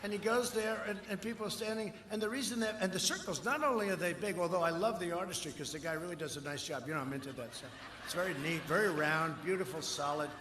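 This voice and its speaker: An older man speaking at a campaign rally, rambling and boastful, swinging between shouted lines and muttered asides. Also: sits high, fast talker. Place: outdoor rally. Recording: echoey outdoor rally with long reverb and faint crowd noise.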